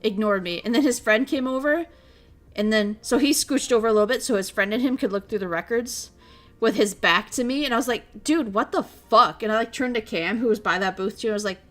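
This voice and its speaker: A woman's voice: fairly high pitch, quick pace, soft background music. A young woman from Minnesota, a streamer telling stories in casual chat, rambling and swearing freely. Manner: rambling, profane storytelling.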